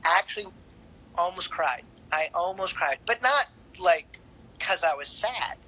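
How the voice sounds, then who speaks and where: A woman's voice: fairly low pitch, expressive, unhurried, pushed and bright, husky, low-quality recording. A woman guest in a casual interview, speaking candidly and bluntly with frequent laughs.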